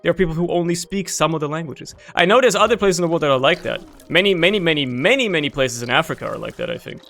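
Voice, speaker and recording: Brief: young male gaming host, native German speaker, slightly high voice, loose rambling commentary, faint game music behind. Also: animated, fast, vocal fry, fairly bright tone. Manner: rambling, tangent-prone, swears casually. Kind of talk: casual gameplay commentary.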